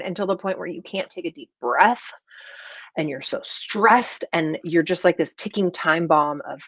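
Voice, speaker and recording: A woman in her thirties coaching an online audience in a chatty, animated way, her voice sitting fairly low. The sound is dry and close, with a slightly dull, lo-fi edge from a home setup. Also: normal speed, husky, no room sound. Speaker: performance coach.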